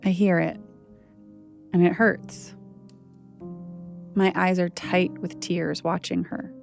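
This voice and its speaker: A woman in her thirties giving quiet, reflective scripted narration as a documentary host. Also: lowish voice, flat delivery, takes it slowly, creaky, soft background music. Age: 30s.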